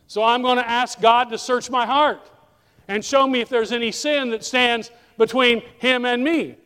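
A male pastor preaching a sermon in a church, animated and speaking directly to members of the congregation by name. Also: very high-pitched, normal speed, clean tone, big-room sound.

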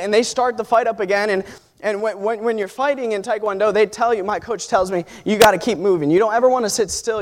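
A man with a notably high voice delivers a sermon from the pulpit. He tells a personal story in a loose, conversational way, full of restarts and fillers. He then lifts into loud, fervent calls to his congregation. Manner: builds to loud, impassioned exhortation. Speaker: preacher.

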